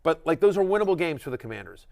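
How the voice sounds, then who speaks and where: Man, middle-aged, fairly high pitch, excitable, rambling, casual sports talk. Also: very fast, gravelly. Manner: excitable, rambling with many restarts. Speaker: fantasy football show host.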